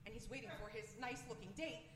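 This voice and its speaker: A woman's voice: fairly high pitch, quick pace, fairly bright tone, slight background noise. A woman in her forties doing a stand-up comedy set, chatty, nervous and self-deprecating. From Northeast US. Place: comedy venue with a live audience. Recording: echoey live room.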